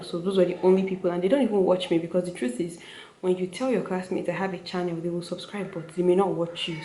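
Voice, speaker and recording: Nigerian woman, twenties, casual vlog, earnest, lowish voice, roomy echo. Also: darkish tone, slight background noise. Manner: earnest, explanatory, repeats points for emphasis. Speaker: vlogger. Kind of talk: casual talking-to-camera vlog. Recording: echoey room with faint ambience.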